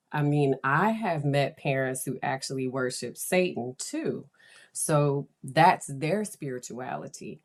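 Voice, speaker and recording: A woman's voice: sits low, darkish tone. A woman hosting her own podcast, talking in a chatty, enthusiastic way and laughing often. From United States. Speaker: podcast host. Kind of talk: casual podcast talk.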